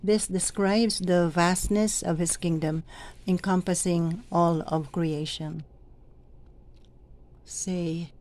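A middle-aged woman training church lectors, explaining how to proclaim the readings in a slow, deliberate way and stretching the words she stresses. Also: fairly low pitch, steady tone, a little mellow. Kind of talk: instructional reading guide.

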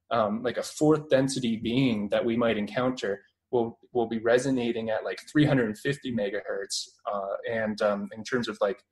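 A man's voice: mid-range voice, poor audio. A man in his twenties with a Canadian accent, a guest in a casual radio interview, rambling and full of fillers and restarts. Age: 20s.

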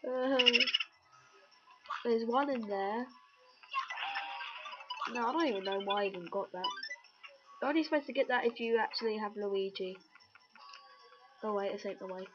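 A woman rambles through casual let's-play commentary, cracking jokes as she goes. Her voice sits a little on the high side. The recording is muffled and lo-fi, with loud game music running underneath. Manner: chatty, jokey, rambling. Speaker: gameplay commentator. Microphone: webcam or computer mic.

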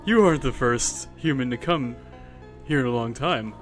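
A man voicing a gentle, motherly goat woman caretaker with a soft, kindly delivery, reading game dialogue on a stream. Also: mid-range voice, normal speed, soft background music, natural voice.

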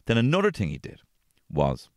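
A man hosting a podcast, telling casual stories about his family, swearing freely and jumping into high-pitched voices when quoting people. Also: moderate pace, no room sound, studio quality. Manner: swears freely, animated, acts out quotes in a high voice. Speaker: podcast host. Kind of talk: casual storytelling chat.

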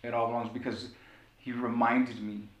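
A man's voice: level tone, normal speed. A male pastor preaching a sermon, telling a personal story with passion and repeating key phrases. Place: church sanctuary. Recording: echoey church room with faint rumble.

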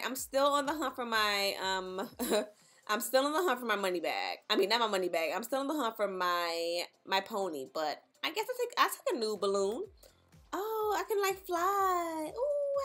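A young woman, a gaming YouTuber with a medium-pitched voice, narrates her gameplay in an excitable, dramatic and chatty manner. Faint music plays in the background.

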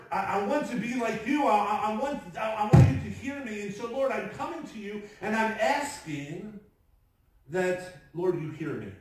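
A man preaching a sermon as pastor, earnest, with frequent restarts and asides. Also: fairly high pitch. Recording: very echoey room, voice from far off.

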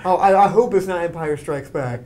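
A man's voice: on the high side, brisk, darkish tone. A man hosting a casual movie podcast, eager and chatty, steering the talk and asking the others for their views. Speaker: podcast host.

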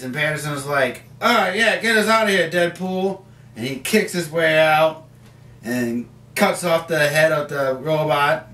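A man's voice: fairly high pitch, fairly bright tone. Man comic vlogger, rambling and filler-heavy, set back from the mic in an echoey basement. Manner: rambling, many fillers and restarts. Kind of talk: casual comic review vlog. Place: home basement. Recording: roomy, mic at a distance.

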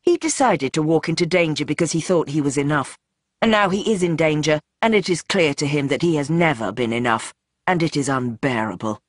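An audiobook narrator reads with tense drama, rushing through action and slowing into dread. The voice is mid-pitched and the recording is dry and close. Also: lively intonation, dry recording. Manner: tense, dramatic, shifting pace. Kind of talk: scripted narration.

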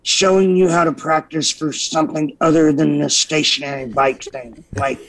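Animated man telling wild stories. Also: on the high side, normal speed, gravelly, rough recording. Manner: animated, acts out his own past dialogue. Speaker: podcast guest, former stuntman. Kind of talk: casual storytelling.

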